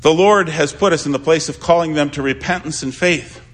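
A man preaching a sermon as a pastor, pleading and swinging between loud appeals and hushed asides. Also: on the high side, fairly quick.

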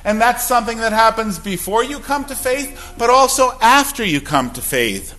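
A man's voice: very high voice, big pitch swings, moderate pace, pushed and bright. A man preaching a sermon as a pastor, emphatic and full of rhetorical questions.

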